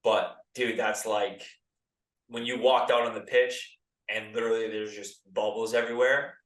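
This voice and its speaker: A man's voice: lowish voice, little pitch movement, moderate pace, fairly bright tone. American dude in his 30s telling soccer stories, super casual, lots of like and dude, sounds kinda far off and roomy. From United States. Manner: laid-back, lots of "like" and "dude". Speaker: podcast guest, former pro soccer player. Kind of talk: casual podcast storytelling. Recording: roomy, set back from the mic.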